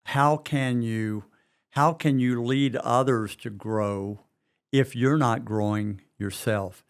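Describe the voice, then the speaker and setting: Middle-aged West Virginia man, podcast co-host, slow and earnest, repeats words as he thinks. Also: medium pitch, fairly even intonation, clean tone. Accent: Southern US, West Virginia. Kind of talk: conversational podcast talk.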